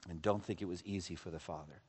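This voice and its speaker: A man preaching a sermon, swinging from loud, intense passages to hushed, quiet lows. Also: fairly even intonation, quick pace, breathy edge. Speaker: pastor. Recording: long hall reverb.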